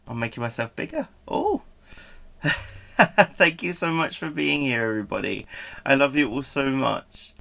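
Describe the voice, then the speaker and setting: Slow, bright-voiced playful man. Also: mid-range voice, gravelly. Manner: playful, chatty, laughs often while answering chat. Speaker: streamer. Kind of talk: casual live-stream chat.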